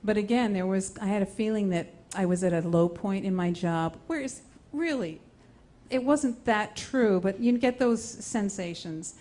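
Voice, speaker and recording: Mellow-voiced woman telling a live story. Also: medium pitch, moderate pace. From United States. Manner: animated, self-interrupting, acts out dialogue.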